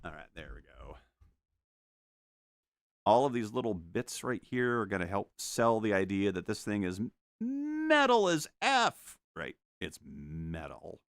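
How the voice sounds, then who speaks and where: A man's voice: low voice, a little slow, creaky, dry recording, studio quality. A man chatting casually while painting on a live stream at home, joking and making little sound effects as he works. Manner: animated, jokey, makes sound effects. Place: home studio.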